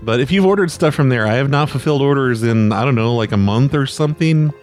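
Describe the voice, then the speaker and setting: A man's voice: medium pitch, lively intonation, quick pace, darkish tone, faint music behind. A man hosting his own prank call show, talking loosely and with self-deprecation, often trailing off unsure. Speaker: podcast host and prank caller. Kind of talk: casual rambling monologue.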